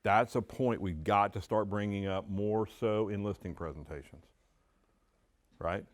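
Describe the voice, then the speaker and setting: A man's voice: fairly low pitch, a little slow. A middle-aged man giving a training talk to real estate agents, telling stories and acting out the dialogue. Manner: animated storytelling, acting out dialogue.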